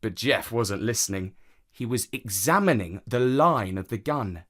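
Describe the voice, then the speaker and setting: Male storyteller, unhurried, lively pitch, reading a kids' tale. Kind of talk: children's story narration.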